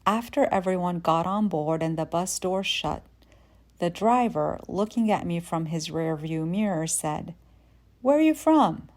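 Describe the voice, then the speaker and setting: A woman from Yemen in her forties telling a personal story in a measured, reflective way. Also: fairly low pitch, darkish tone. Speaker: podcast host.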